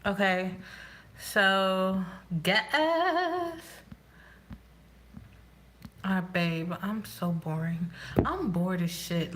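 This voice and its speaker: A woman beauty vlogger doing her makeup on camera and talking at an unhurried pace. She rambles and thinks out loud, half to herself and half to her viewers, in a mid-pitched voice. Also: slight background noise. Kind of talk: casual chat while doing makeup.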